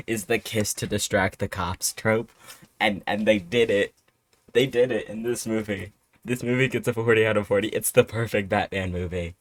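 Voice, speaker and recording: A man giving a casual movie review in an excitable, rambling manner, swearing often. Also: fairly low pitch, normal speed, no room sound. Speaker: host.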